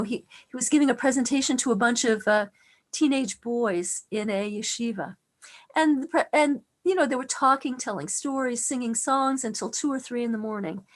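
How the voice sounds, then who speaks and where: Woman, high voice, middle-aged, earnest storytelling talk on faith. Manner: earnest, softens to a hush on tender lines. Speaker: speaker on faith.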